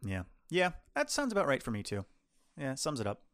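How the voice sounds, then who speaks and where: Lively rambling man telling stories. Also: medium pitch, fairly quick. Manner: rambling storyteller, lively and chatty. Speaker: podcast co-host reviewing films. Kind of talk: casual chat.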